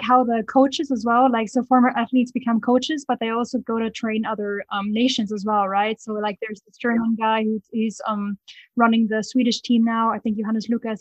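Woman interview host, fairly high voice, friendly and conversational, dry dull lo-fi recording. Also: no room sound. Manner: friendly, conversational questions with fillers. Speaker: podcast host. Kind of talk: casual interview chat.

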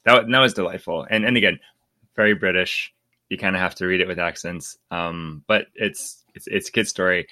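A man's voice: sits low, moderate pace, sharp tone, no echo. A man in his thirties hosting a casual book-club podcast, rambling with many restarts and laughing often. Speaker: podcast host.

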